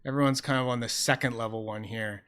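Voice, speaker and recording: A man chatting casually on a home livestream into a close, sensitive mic, rambling, excitable and swearing freely. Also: mid-range voice, quick pace, clear, resonant tone. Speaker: fidget toy livestreamer.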